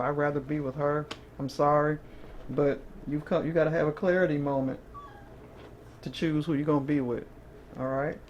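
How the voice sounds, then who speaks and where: A woman's voice: low voice, a little mellow, muffled recording, slight background noise. Chatty woman doing a tarot reading. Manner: chatty, keeps checking in with "okay?"; breaks into short laughs. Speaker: tarot reader. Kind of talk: casual tarot reading to camera.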